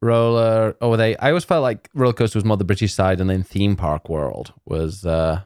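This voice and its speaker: A man's voice: lowish voice, a little mellow, clear, resonant tone, no echo, clean studio sound. A man co-hosting a gaming podcast, joking and teasing in casual banter. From United Kingdom. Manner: quick-witted, teasing banter. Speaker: podcast co-host. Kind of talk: casual chat.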